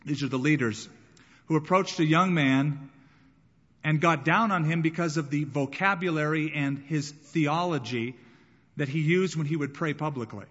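A man delivers an animated sermon with a slightly high voice, acting out the voices of the people in the story. The sound is dull and muffled, and his voice rings out with a long hall reverb. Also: normal speed. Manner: dramatic, acting out voices in the scripture. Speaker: pastor.

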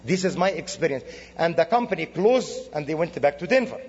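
Guest preacher from the Middle East, man, high pitch, lively storyteller, lo-fi church hall recording. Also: fairly quick, husky. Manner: animated storytelling with quoted dialogue. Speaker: guest speaker. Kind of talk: sermon. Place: church sanctuary. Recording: dull lo-fi recording in a reverberant hall.

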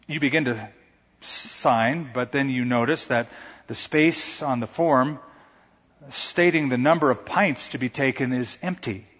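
A man's voice: medium pitch, unhurried, a bit bright. A male pastor preaching a sermon, telling a story in a vivid, dramatic way. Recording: echoey hall, dull lo-fi sound.

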